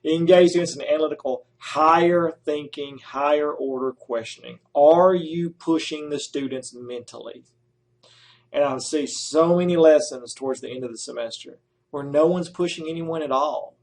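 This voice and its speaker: A middle-aged man with a fairly high voice coaches student teachers in a direct, emphatic way. He hammers home his points by saying them again. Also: normal speed, darkish tone. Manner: emphatic, repeats key points. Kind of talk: advice talk to student teachers.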